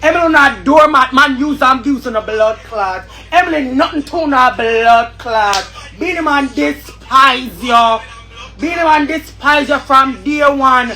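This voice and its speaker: A woman's voice: high voice, a little slow, bright, forceful tone. A woman with a Jamaican accent in a heated, angry rant, repeating and swearing. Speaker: vlogger.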